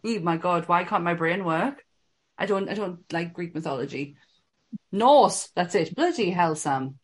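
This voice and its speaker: A woman's voice: lowish voice, expressive, unhurried, husky. A woman guest chatting in a scatterbrained, exclamatory way. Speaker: podcast guest. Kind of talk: casual chat.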